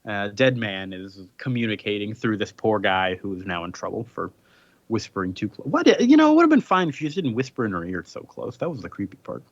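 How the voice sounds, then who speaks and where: A man's voice: on the low side, lively intonation, fairly quick, no echo, highs cut off. A man co-hosting a podcast, retelling a comic issue in a loose, rambling way with playful paraphrased quotes. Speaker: podcast co-host. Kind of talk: casual comic recap chat.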